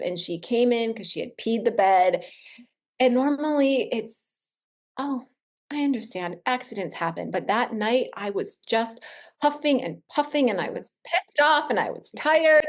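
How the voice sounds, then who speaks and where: A wellness expert in her thirties speaks earnestly and reflectively in a heartfelt conversation, slowing down on the phrases she emphasizes. Her voice is on the high side.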